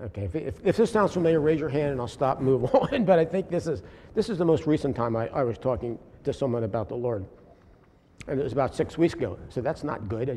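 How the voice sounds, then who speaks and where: Man, dark mellow voice, halting earnest storytelling, echoey hall with long reverb. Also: mid-range voice, expressive. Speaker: lay preacher sharing a testimony. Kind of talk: informal church testimony. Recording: long hall reverb, faint room noise.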